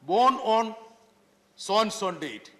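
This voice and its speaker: A man's voice: high voice, animated, drawn-out words. A man from Kerala, giving an emphatic floor speech as a member of parliament, full of pointed rhetorical questions. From Kerala, India. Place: large parliament chamber. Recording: reverberant legislative chamber.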